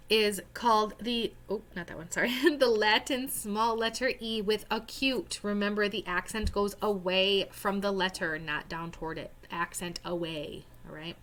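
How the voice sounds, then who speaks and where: A woman's voice: mid-range voice, a bit bright. A young woman teacher, patiently talking students through a screen-recorded language worksheet and spelling words out. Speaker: Spanish teacher. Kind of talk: screen-recorded lesson walkthrough.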